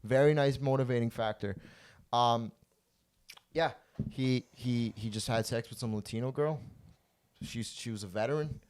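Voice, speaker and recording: A man from Canada hosts a comedy podcast, spinning a long, crude anecdote in loose conversation. He swears freely, trips over his own words and circles back. His pitch sits in the ordinary middle range for a man. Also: normal speed, long pauses, a little mellow, smooth. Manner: profane, rambling anecdotes with restarts. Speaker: podcast host. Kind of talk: casual storytelling chat.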